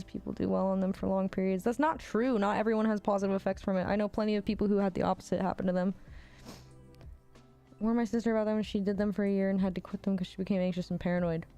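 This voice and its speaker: A woman's voice: mid-range voice, steady tone, quick pace, gravelly, dark tone, soft background music. A woman in her thirties livestreaming, chatting casually with viewers and reading their messages, blunt and swearing freely with frequent laughs.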